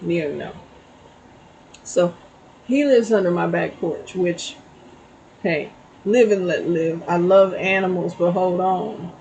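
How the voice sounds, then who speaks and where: A woman's voice: fairly low pitch, slow, gravelly, long pauses, darkish tone, dull audio, slight background noise. A middle-aged woman giving a casual spiritual tarot reading, telling a story and checking in with "okay?". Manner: chatty, storytelling, frequent "okay?" asides. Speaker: tarot reader.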